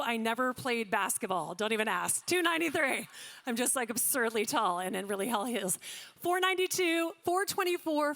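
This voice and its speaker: A woman auctioneer from Louisiana works a live charity paddle raise, firing off numbers and tossing quick jokes to the crowd. Her voice sits high and comes across bright and crisp through a handheld mic in a big banquet hall. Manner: rapid number-calling with joking asides.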